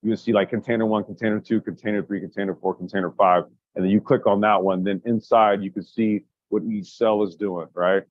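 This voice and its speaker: A podcast co-host brainstorms casually, rambling with frequent restarts and swearing. His voice is on the low side and steady, fairly quick, with no room sound and dull audio.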